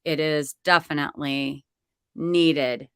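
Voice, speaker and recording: A woman's voice: low-pitched, steady tone, takes it slowly, smooth, dry recording. Female co-host, talkative storyteller, dry close recording. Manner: chatty, warm-hearted storytelling. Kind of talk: casual chat.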